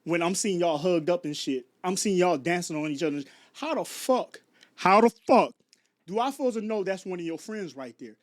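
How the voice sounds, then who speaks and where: A man's voice: high-pitched, fairly quick, hardly any pauses, darkish tone. A man, ranting late at night to his viewers, stumbling over restarts and firing off rhetorical questions. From Chicago. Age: 30s. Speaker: vlogger. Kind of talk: late-night rant to camera.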